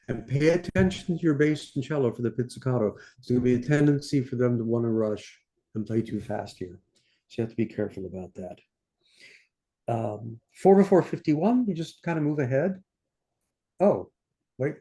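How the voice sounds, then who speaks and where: An older man with a mellow, warm voice leads a masterclass over a video call. He talks through bar numbers at a middle pitch and breaks into sung scat syllables to show each phrase. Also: moderate pace. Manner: sings passages in scat syllables between instructions. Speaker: conductor teaching a masterclass. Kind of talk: online masterclass walkthrough of a score. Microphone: computer mic on a video call.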